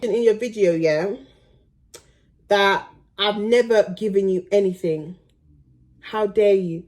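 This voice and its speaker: A woman's voice: mid-range voice, a little slow, long pauses, a little mellow. A young pregnant woman, vlogging straight to camera, blunt and indignant, swearing freely and calling it passion. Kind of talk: heated direct-to-camera vlog.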